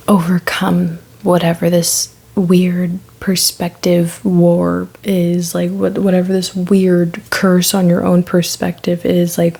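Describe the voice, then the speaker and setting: A woman card reader talking slowly in a breathy, half-whispered voice with a gravelly fry. She is blunt and direct and drives each point home by repeating it again and again. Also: medium pitch, darkish tone. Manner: blunt, repetitive, emphatic reassurance.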